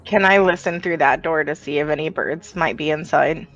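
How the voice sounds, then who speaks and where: A woman's voice: low-pitched, normal speed, a bit bright. A woman at a tabletop game, dry and a bit exasperated with her friends. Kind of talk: casual game table chat. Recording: dull lo-fi mic.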